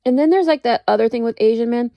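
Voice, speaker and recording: An American woman vlogger rambles through dating stories in a casual monologue, saying "like" constantly and restarting her sentences often. Her voice sits on the high side with vocal fry, and she talks quickly. The recording has no echo but sounds muffled.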